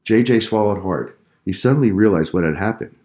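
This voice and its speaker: A man narrates a children's story in a calm, measured voice. His pitch sits very low.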